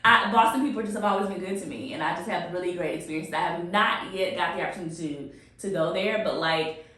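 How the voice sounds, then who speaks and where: A woman's voice: fairly low pitch, fast, bright, forceful tone. A woman hosting a video podcast in an office, effusive and rambling as she introduces and chats with a guest. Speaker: podcast host. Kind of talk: enthusiastic interview chat. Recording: echoey office room.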